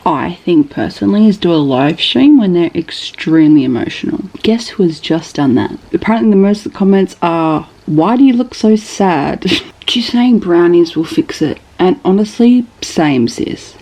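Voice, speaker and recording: A woman in her twenties with an Australian accent, chatting casually in a vlog, animated and quick to swear. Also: on the low side, rough recording. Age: 20s. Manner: chatty, animated, swears freely, talks to herself while reading. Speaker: book vlogger.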